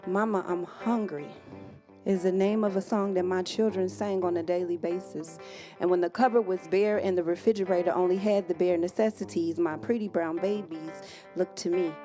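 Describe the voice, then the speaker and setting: A woman performing spoken word poetry live with an emphatic, rhythmic delivery and pauses that hang between phrases. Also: lowish voice, steady tone, warm tone. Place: community music venue, live performance. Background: guitar playing.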